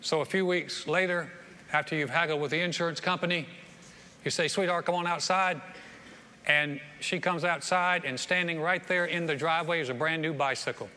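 A pastor preaches a sermon to a live congregation in a church sanctuary, telling stories with folksy humor and often repeating words. His fairly high voice is brisk and sharp, and the reverberant hall carries faint ambience.

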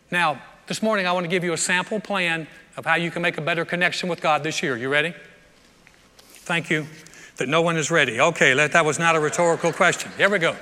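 A male pastor delivers a sermon in a high, bright voice, speaking conversationally and often doubling back to repeat his words. He is recorded in a large church sanctuary, where a long reverb trails after his lines. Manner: conversational preaching with frequent word repeats.

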